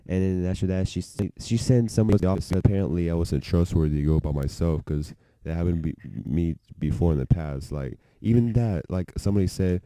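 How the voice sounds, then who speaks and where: A young man rambles through a personal story in a very low, deep voice with a dark, mellow tone. His speech is smooth and resonant, loose and filler-heavy, broken up by laughs. The sound is close and dry. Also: a little fast, no echo. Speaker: vlogger. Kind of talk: casual storytelling.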